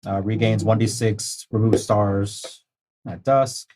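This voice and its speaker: A man, a player in a tabletop game, reading out item rules in quick bursts. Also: fairly low pitch, steady tone, darkish tone.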